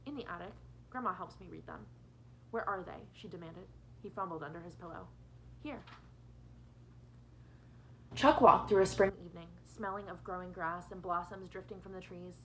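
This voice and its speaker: A woman's voice: on the low side, fairly bright tone, a little hiss or hum, poor audio. A woman teacher reading a novel aloud to her students, changing her voice for each character.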